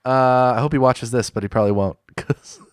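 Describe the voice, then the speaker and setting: A man hosting a podcast who talks in a measured, reflective way, often pausing with fillers as he works through his thoughts. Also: mid-range voice, fairly even intonation, smooth, dry recording, clean studio sound. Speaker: podcast host. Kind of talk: casual podcast conversation.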